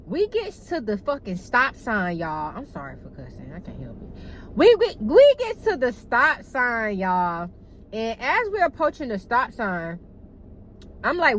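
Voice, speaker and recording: A young woman spins a casual storytime for her channel, talking straight to viewers as y'all. Her voice sits on the higher side, and she swears freely with lively, chatty energy. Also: a little slow, a little hiss or hum, poor audio. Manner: chatty, animated, frequent cussing, keeps addressing viewers as y'all. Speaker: vlogger.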